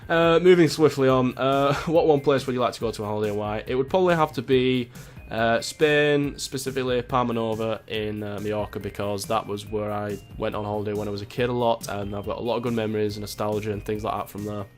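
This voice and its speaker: A man's voice: on the low side, steady tone, fast, hardly any pauses, faint music behind. A man in his twenties from Greater Manchester, with a local accent tinged with Yorkshire, chatting through viewer questions in a rambling, jokey, sweary way. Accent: Greater Manchester with a touch of Yorkshire. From Greater Manchester, England. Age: 20s. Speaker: YouTuber answering viewer questions. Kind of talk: casual Q&A vlog.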